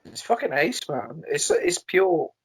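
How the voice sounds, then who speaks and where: A man's voice: sits high, sing-song, measured pace, husky. A young man chatting casually on a podcast, blunt and swearing freely. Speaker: podcast co-host. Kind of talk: casual chat.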